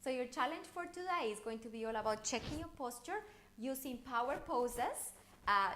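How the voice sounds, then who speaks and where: Woman coach doing a daily challenge video, lively ups and downs in her voice, talks right to you. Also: on the high side, a little hiss or hum. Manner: animated, intonation goes up and down; encouraging, speaks straight to the viewer. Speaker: communication coach. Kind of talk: online challenge lesson.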